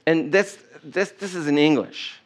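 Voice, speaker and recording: A man's voice: a little high, measured pace. Man preaching in a conversational way. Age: middle-aged. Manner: conversational preaching, asks the congregation questions; reads scripture aloud with self-corrections. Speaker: pastor. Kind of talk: sermon. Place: church.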